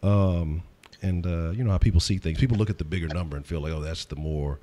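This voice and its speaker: A man hosting a casual sports talk stream, loose and profane, full of hyped shout-outs. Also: low voice, fast talker. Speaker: host.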